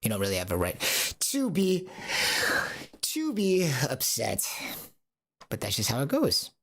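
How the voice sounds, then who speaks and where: A man's voice: lowish voice, huge pitch swings, brisk. A man talking alone on a livestream, rambling and asking rhetorical questions. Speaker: streamer. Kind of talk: casual livestream monologue.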